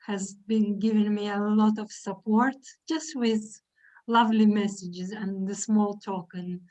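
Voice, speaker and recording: A woman translator speaking on a video call in an earnest, halting way, with frequent pauses. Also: mid-range voice, fairly even intonation, dark tone, poor audio. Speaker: book translator. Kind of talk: casual video call chat.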